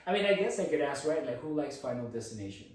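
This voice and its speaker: A man's voice: medium pitch, sing-song, fast, darkish tone. A man co-hosting a casual podcast chat, easygoing and rambling, laughing often. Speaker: podcast co-host. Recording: echoey room, distant mic, faint noise.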